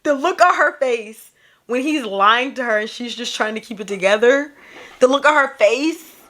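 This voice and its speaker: A woman's voice: fairly high pitch, normal speed, fairly bright tone. A sassy young woman reacting to a dating show clip, talking animatedly and often breaking into laughter, recorded on her own camera at home. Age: young adult. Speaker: reaction video creator. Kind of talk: casual reaction commentary.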